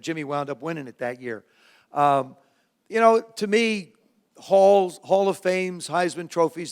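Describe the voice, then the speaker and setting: A man around seventy, from New Jersey, telling lively, self-mocking stories to a live audience as a former quarterback and guest speaker. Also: fairly high pitch. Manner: lively anecdotes with self-mocking humor, frequent restarts. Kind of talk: storytelling talk to a live audience.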